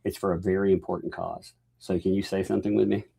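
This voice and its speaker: A man's voice: low voice, flat delivery, fast, gravelly, warm tone, a little hiss or hum. A father hosting a casual livestream, playfully joking and laughing while he talks with his young daughter. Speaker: livestream host.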